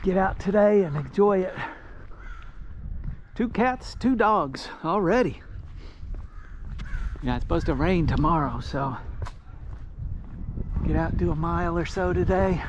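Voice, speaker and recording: A man giving a relaxed running commentary while walking outdoors through neighborhood streets, recorded on a handheld phone. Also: fairly high pitch, a little slow, long pauses. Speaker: walking vlogger. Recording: dull outdoor phone audio with street noise.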